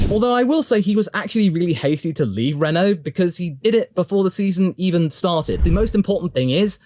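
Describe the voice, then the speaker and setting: Animated man giving chatty commentary. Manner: chatty, emphatic, swings pitch for emphasis. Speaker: motorsport YouTube commentator. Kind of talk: opinionated solo commentary.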